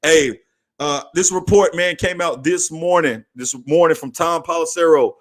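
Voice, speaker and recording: A man hosting his own podcast, talking in a casual, slangy, profane way that gets excitable and breaks into shouting. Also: fairly high pitch, moderate pace. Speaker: podcast host. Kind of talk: casual hyped sports talk.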